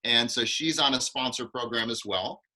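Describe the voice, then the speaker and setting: A man's voice: medium pitch, normal speed, bright, forceful tone, low-quality recording. A man hosting an online acting class over a video call, enthusiastic and encouraging.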